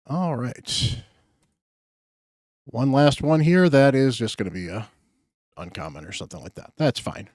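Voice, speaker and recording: A man's voice: mid-range voice, expressive, unhurried, long pauses, a little mellow, no echo, studio quality. A man hosting his gaming channel, chatting casually through his summon pulls in an upbeat way with frequent fillers. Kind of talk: casual gacha summon commentary.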